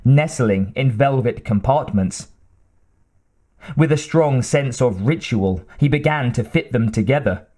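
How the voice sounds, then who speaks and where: Slow, deliberate male audiobook narrator. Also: mid-range voice, darkish tone. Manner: measured, deliberate, dramatic pauses.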